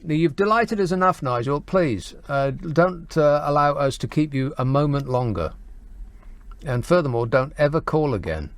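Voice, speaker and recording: A man's voice: a little high, expressive, dry recording. Sardonic man hosting radio. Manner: sardonic, quick, reads out listener messages. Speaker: radio phone-in host. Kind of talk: radio phone-in chat.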